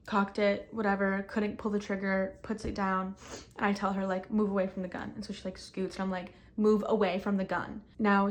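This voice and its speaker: A woman recounting a personal ordeal in casual first-person storytelling, talking in quick bursts full of fillers, recorded outdoors. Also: medium pitch.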